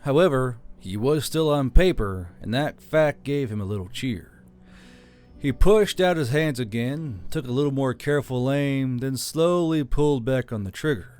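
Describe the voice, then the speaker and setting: Male storyteller, scripted narration, steady even delivery, mid-pitched voice. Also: moderate pace, faint music behind.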